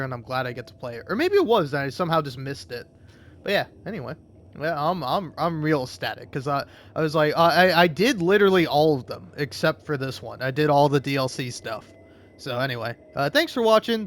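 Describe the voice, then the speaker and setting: A man's voice: fairly high pitch, fairly bright tone. A man giving casual gaming commentary as a let's play host, rambling, swearing and talking back to the game.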